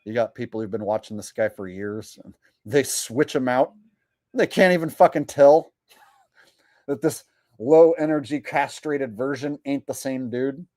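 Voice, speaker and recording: A man's voice: mid-range voice, unhurried, warm tone, no echo. A man hosting a commentary vlog, talking in a profane, incredulous and mocking way. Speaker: host.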